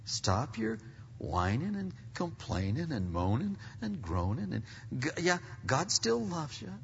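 A man preaching a sermon as pastor, animated and swinging from quiet asides to loud climaxes. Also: medium pitch, measured pace, gravelly, breathy edge. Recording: long reverb, dull lo-fi sound.

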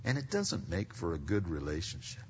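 A man preaching a sermon as pastor, animated and swinging from quiet asides to loud climaxes. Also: sits low, moderate pace, a little hiss or hum. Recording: long reverb, dull lo-fi sound.

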